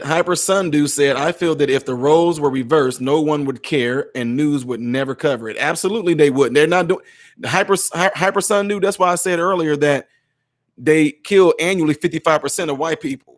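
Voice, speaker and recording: A man's voice: fairly high pitch, fairly quick. A man hosting his channel, reading out viewer comments and answering them in casual, emphatic commentary, often repeating words to stress a point.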